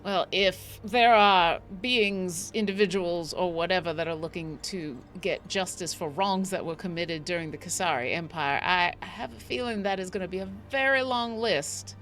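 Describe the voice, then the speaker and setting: A woman playing a tabletop game in character, speaking in a formal, measured way. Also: on the low side, fairly bright tone, soft background music. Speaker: player.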